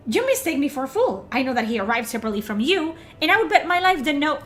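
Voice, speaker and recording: A woman's voice: high-pitched, sing-song, fast, fairly bright tone. Stern proud governor, as a woman reads him. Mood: defiant.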